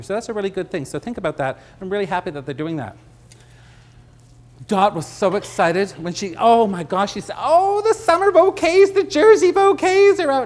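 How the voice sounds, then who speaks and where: A man's voice: a little high, slight background noise. A middle-aged man giving a live floral design demonstration, chatty and joking with his audience. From Canada.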